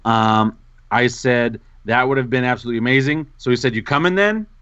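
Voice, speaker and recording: A man co-hosting a casual podcast, telling a self-mocking story in an animated way. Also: mid-range voice, fairly quick, clear, resonant tone, dry recording, muffled recording. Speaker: podcast co-host.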